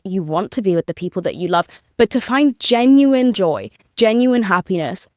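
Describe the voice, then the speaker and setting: A woman's voice: medium pitch, dry recording, clean studio sound. A young woman hosting a podcast, talking in a rambling, emphatic, confessional way, with lots of fillers and swearing. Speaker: podcast host. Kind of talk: casual confessional monologue.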